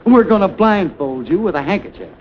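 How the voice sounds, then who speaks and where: In a 1920s film comedy sketch, an actor plays a fussy, excitable man commanding a comic firing squad, flustered and giggly, with wild pitch swings and a slightly fast pace. The muffled 1929 soundtrack carries a little hiss or hum.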